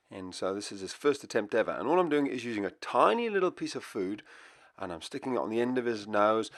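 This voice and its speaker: A man teaching viewers how to train a puppy, talking in an easygoing explanatory way. His voice sits in a middling pitch and the sound is dry and close, with no room around it. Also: fairly bright tone, no echo. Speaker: dog trainer. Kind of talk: instructional video narration. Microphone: voice-over for part.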